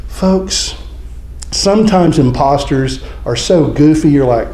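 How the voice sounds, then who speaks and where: Jokey preaching pastor, high-voiced man. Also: lively intonation, slow pace, a little mellow, roomy sound, poor audio. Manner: humorous, conversational preaching with mock voices. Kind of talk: sermon. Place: church sanctuary.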